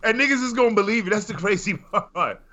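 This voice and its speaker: A man's voice: sits high, fast, pushed and bright. A man hosting a podcast, chatting casually and bantering with friends through easy laughter. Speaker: podcast host. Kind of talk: casual chat.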